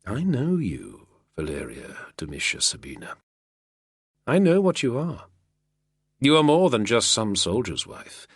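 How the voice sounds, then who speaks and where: A sly, sardonic male schemer, read by a man in an audiobook, speaking in an artful, purring drawl. His pitch swoops lively and the tone is slightly husky. The recording is dry and close. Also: a little slow, long pauses, no room sound, full character voice. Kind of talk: audiobook character reading.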